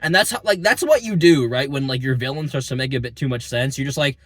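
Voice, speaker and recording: A young man recapping a movie in a rambling, excitable way, full of fillers and casual swearing, recorded in a parking lot. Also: medium pitch, fast talker, no room sound. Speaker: movie reviewer.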